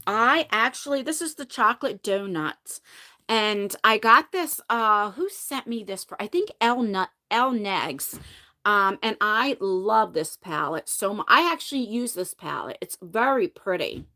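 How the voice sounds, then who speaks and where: Bright-voiced chatty woman vlogger. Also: medium pitch, animated, unhurried. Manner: chatty, emphatic, frequent "you know what I mean". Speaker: beauty vlogger. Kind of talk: casual chat to a live audience.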